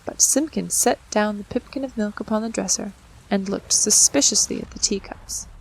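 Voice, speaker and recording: A woman narrating a classic children's storybook aloud, expressive and ready to act out voices and sounds. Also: medium pitch, normal speed, vocal fry, slight background noise, rough recording. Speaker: audiobook narrator. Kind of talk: storybook reading.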